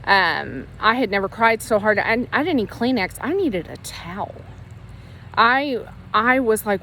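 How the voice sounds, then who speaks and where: This woman's medium-pitched voice sounds pushed and bright, moving at a moderate pace over a faint hiss or hum. A Christian ministry leader, she shares her testimony in an emotional, rambling, casual way, restarting frequently as she earnestly tells her story.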